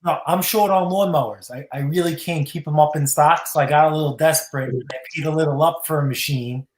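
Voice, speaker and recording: A man's voice: on the high side, brisk. A man chatting on a casual live stream in an easygoing, laid-back way. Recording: roomy remote audio.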